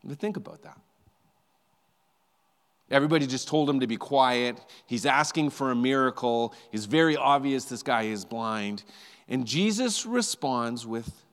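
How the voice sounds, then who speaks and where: A man's voice: medium pitch, measured pace. Guy pastor preaching, chatty storytelling, stumbles and repeats words, long hall reverb. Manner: conversational, animated storytelling with frequent repeated words. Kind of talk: sermon.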